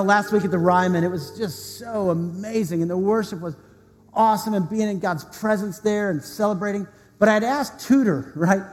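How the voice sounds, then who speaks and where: A male pastor preaching a sermon with earnest, heartfelt storytelling and leading prayer. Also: high-pitched. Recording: long hall reverb, soft music behind.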